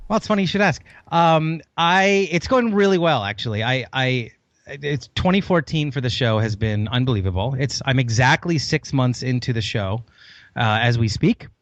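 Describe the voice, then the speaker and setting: A man's voice: mid-range voice, animated, moderate pace, dry recording, dull audio. A man guesting on a podcast interview, enthusiastic and long-winded, rambling through his story. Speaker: podcast guest, host of another show.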